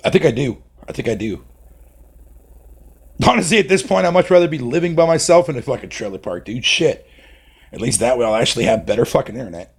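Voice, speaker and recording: A man's voice: mid-range voice, lively intonation, fast talker, creaky, husky. A young man from Canada chatting on a live stream, reading his chat aloud with profane, mocking banter.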